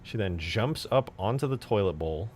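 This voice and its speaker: A man's voice: fairly low pitch, animated, normal speed, a little mellow, a little hiss or hum. A young man hosting a game modding channel, chatting casually and rambling with lots of fillers and frequent laughs. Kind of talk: casual chat while modding.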